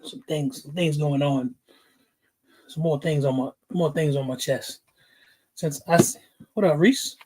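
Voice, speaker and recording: A man's voice: a little high, a little slow, long pauses, dark tone, breathy edge. A man hosting a casual livestream, greeting chatters by name, laughing often and getting fired up. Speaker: livestream host.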